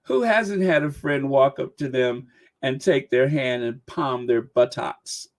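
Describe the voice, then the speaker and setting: A man in his sixties hosts a livestream, his mid-range voice unhurried. As channel host he keeps the commentary casual and chatty, joking and laughing often.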